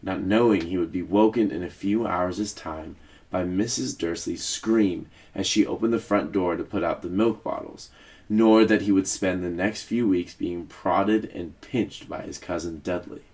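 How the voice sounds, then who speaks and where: A man reads a children's book aloud, steady and measured. His voice is very low and stays grounded throughout. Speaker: teacher reading aloud.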